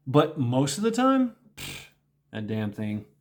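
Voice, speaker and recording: A man's voice: medium pitch, wildly swooping pitch, slow, background noise. A middle-aged man talking through a casual monologue vlog, rambling and repeating himself, with small laughs. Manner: rambling, repetitive, with laughs and mimicked quotes. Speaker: vlogger.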